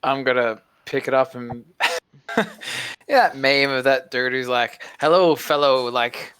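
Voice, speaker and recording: A man's voice: medium pitch, measured pace, fairly bright tone, smooth, no room sound. A man playing in a tabletop game, playful and chatty, with laughing asides. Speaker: player. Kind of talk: casual tabletop game play.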